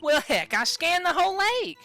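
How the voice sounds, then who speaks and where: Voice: extremely high pitch, very animated, moderate pace, pushed and bright, soft background music, exaggerated voice. A streamer voicing a brash country woman witness with a put-on drawl. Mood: cocky. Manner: drawling, folksy. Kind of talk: reading game dialogue aloud.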